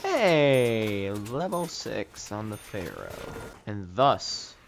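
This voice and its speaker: A man's voice: fairly low pitch, very animated, very slow, vocal fry, slight background noise. A man doing casual commentary over an online game, sarcastic and ranting, swearing freely and joking about the other players. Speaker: gaming YouTuber.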